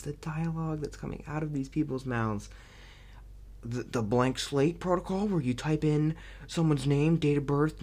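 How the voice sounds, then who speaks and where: Man, mid-pitched, casual spoken movie review; rambly, excitable, filler-heavy delivery. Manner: excitable and amused.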